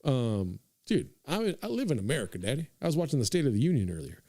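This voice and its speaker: A man's voice: mid-range voice, sing-song, fast talker, warm tone, dry recording, studio quality. Rambling, profane young man telling a story. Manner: profane, rambling, says "dude" constantly, addresses listeners. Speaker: podcast host. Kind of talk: casual comedic storytelling.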